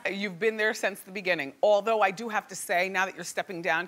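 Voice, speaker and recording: A woman hosting a talk show, chatting and gossiping to a live studio audience with lively exclamations. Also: medium pitch, fairly quick.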